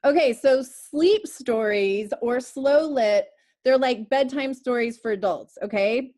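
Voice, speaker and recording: A woman's voice: on the high side, slow, darkish tone, slight background noise. A woman co-hosting a podcast, talking in a playful, teasing way and swearing casually. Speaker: podcast co-host.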